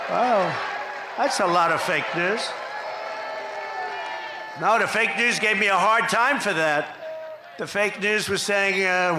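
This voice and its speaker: A man's voice: high voice, slow, a crowd in the background, background noise. A man giving a campaign rally speech outdoors into a podium microphone, rambling and repeating himself with mocking asides. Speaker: political speaker at a campaign rally. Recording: echoey rally PA sound.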